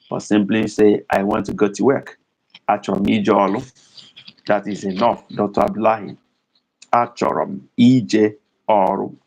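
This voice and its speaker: A middle-aged man leads a live online language lesson, going over learners' answers one by one. His low voice carries a gravelly edge, and he repeats words and nudges the chat to keep up. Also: darkish tone, rough recording. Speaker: language tutor and host.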